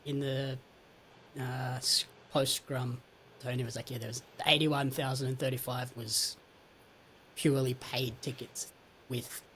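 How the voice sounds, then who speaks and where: A man's voice: medium pitch, level tone, a little slow, fairly bright tone, a little hiss or hum. A man hosting a casual podcast, chatting in an easygoing, wry way. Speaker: podcast host and play-by-play commentator.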